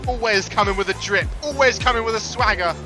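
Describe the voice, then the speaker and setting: A man giving excitable, jokey live wrestling commentary who bursts into big ring introductions. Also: high voice, a little fast, music in the background, rough recording.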